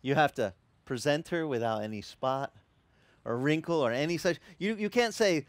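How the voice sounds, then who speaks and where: Male pastor, sermon delivery, animated storyteller, slightly raised pitch, dry close mic. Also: normal speed, dry recording. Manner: animated storytelling with acted-out quotes. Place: church.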